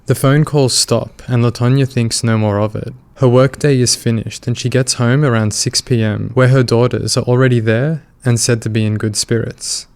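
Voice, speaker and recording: A man narrates a true-crime story in a measured, even tone, his voice carrying a gravelly fry. He reads from a script and sounds steady throughout. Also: medium pitch.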